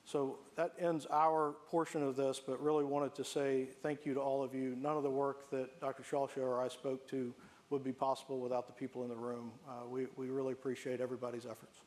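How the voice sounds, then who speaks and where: A man, a health system executive, giving a measured presentation to a room of staff and listing services one by one. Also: mid-range voice, level tone, a little mellow. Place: meeting room with a live staff audience.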